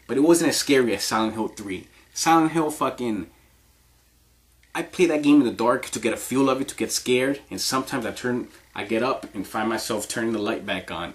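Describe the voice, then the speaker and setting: A man giving casual countdown commentary in a crude, rambling, profanity-heavy way, often laughing. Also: medium pitch.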